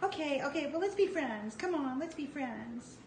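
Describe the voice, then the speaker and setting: A woman's voice: high-pitched, animated, normal speed, gravelly, a little mellow, slight background noise, voice pushed up. A woman voicing a sweet young female puppy who feels wronged and pleads in a plaintive sing-song. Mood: hurt, pleading. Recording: roomy echo.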